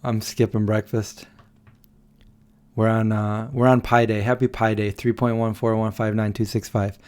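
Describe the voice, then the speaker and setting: A man's voice: lowish voice, level tone, normal speed, a little mellow, clear, resonant tone. A tired man hosting a late-night livestream, rambling and answering viewers as he reads their messages aloud. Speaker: livestream host. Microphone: desk microphone.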